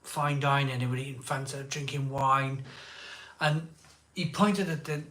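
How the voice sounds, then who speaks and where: A man's voice: mid-range voice, steady tone, measured pace, fairly bright tone. A man hosting a live beer stream, telling a rambling story in a chatty way, repeating himself and acting out what people said.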